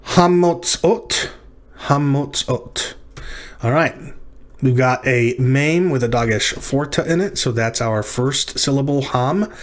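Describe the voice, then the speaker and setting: A man's voice: mid-range voice, measured pace. A man teaching a language lesson, working through practice words aloud, thinking as he goes and correcting himself. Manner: thinking aloud, self-correcting, sounding out syllables. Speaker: language instructor. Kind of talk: recorded lecture practice walkthrough.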